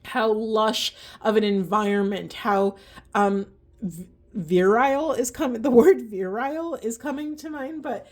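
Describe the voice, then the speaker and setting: A woman's voice: on the high side, a little slow. A woman giving a spiritual oracle card reading to camera, earnest and urging, often addressing her listeners directly. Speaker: spiritual tarot reader.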